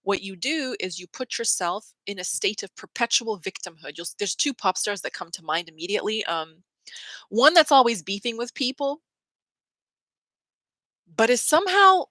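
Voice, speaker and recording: A young adult woman hosting a casual spiritual talk, opinionated and quick to quote people in mocking voices. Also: medium pitch, big pitch swings, pushed and bright, dry recording, low-quality recording. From Canada. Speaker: host.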